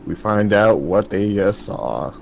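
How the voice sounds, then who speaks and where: A man running an online tabletop game as game master, narrating scenes in a calm, matter-of-fact way. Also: lowish voice, slow pace, vocal fry, slight background noise.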